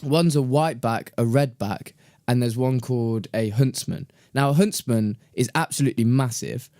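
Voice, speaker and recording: A young man co-hosts a casual podcast, chatting and telling rambling stories while laughing often. His voice sits in the mid range at a moderate pace with a slightly mellow quality. The recording is dry, with clean studio sound.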